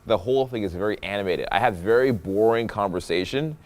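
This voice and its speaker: A young man talking as a dating coach over his own footage, animated and playful, deliberately swinging his voice between loud and soft. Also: lowish voice, very noisy. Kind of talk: voice-over commentary on infield footage.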